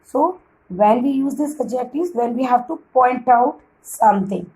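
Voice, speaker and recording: A woman's voice: on the high side, animated, normal speed, dark tone, poor audio. A woman teacher explaining grammar to children in a patient classroom lesson, often checking in with "right?".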